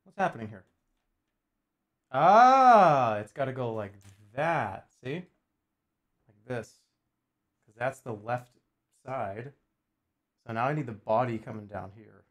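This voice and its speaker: A man's voice: mid-range voice, lively intonation, takes it slowly, long pauses, dull audio. A man streaming casually, joking and swearing freely, arguing with his chat and muttering while he works on a jigsaw puzzle.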